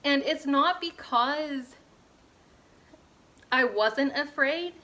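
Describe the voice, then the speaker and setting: A woman's voice: high-pitched, extremely slow, bright, forceful tone. A young woman from Pittsburgh, talking earnestly in a casual personal vlog and filling her speech with "like" and "you know". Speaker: fitness vlogger.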